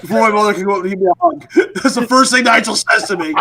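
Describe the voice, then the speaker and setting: A man co-hosting a podcast, telling a funny story in excitable casual chat. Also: sits high, racing. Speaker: podcast co-host.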